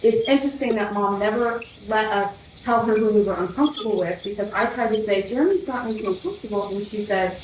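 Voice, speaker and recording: A woman's voice: mid-range voice, fast talker, hardly any pauses, a little mellow. A young woman telling a personal family story, rambling with many fillers and restarts. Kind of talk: personal testimony. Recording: roomy, distant from the mic, faint noise.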